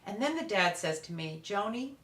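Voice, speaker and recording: A woman parenting expert telling lively anecdotes about parents and teenagers in a storytelling talk. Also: on the low side, moderate pace. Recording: echoey room.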